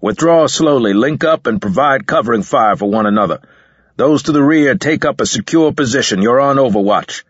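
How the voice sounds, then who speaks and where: A man voicing a gruff male veteran squad commander who barks clipped orders over the radio. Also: deep voice, fairly quick, few pauses, dry recording, muffled recording. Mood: shouting.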